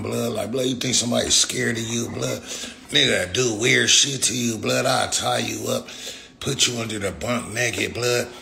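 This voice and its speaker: A man's voice: on the low side, vocal fry, pushed and bright, a little hiss or hum. A man ranting on a livestream in a profane, confrontational way. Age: adult with young kids. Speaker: rapper streaming live. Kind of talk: livestream rant.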